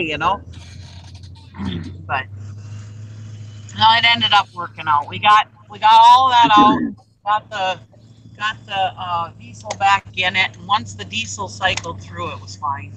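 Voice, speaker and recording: Reseller host, female, lively chatty storyteller with a tense, bright tone. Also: medium pitch, measured pace, a little hiss or hum, rough recording. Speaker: online reseller hosting a livestream. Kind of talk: casual storytelling chat.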